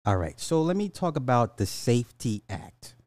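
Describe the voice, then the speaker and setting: A man from Illinois, a podcast host, ranting casually in a profane, laughing, animated way. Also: mid-range voice, normal speed, no echo. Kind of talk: casual comedic rant.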